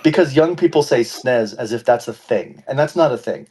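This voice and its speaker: A man's voice: medium pitch, lively intonation, normal speed, a little mellow, slightly rough. A man in his forties co-hosting a podcast, chatting casually and ranting with playful mock indignation. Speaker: podcast co-host. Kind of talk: casual chat.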